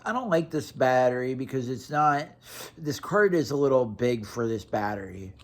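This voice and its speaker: A man's voice: mid-range voice, expressive, normal speed. A young man from Wisconsin, ranting casually to camera with blunt, profane talk and lots of restarts. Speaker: vlogger.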